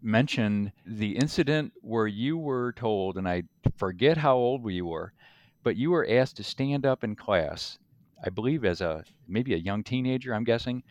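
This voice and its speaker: A man's voice: on the low side, lively intonation, moderate pace, a little mellow, no room sound. A man co-hosting a podcast for lawyers, asking long, rambling questions in a conversational way. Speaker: podcast co-host. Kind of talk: interview hosting.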